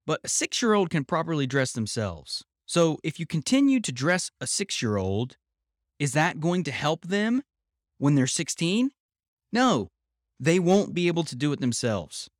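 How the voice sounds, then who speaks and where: A man hosting a podcast from home, talking things through in a calm, reflective, measured way. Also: fairly high pitch, dry recording, studio quality. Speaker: podcast host. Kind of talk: explanatory podcast talk.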